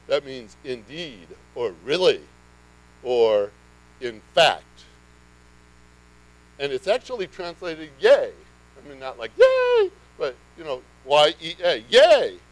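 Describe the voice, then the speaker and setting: A man's voice: on the high side, sing-song, slow, poor audio. A man preaching a sermon in a conversational way that builds to emphatic bursts. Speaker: pastor.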